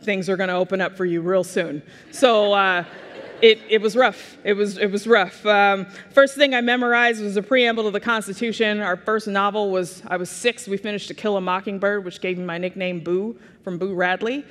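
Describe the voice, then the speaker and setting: A woman in her thirties tells funny, self-mocking personal stories at a forum, her delivery animated and sharply timed. Her voice sits at an ordinary middle pitch. A long reverb from the large room trails after each line. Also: normal speed. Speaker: keynote speaker. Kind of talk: humorous personal storytelling speech.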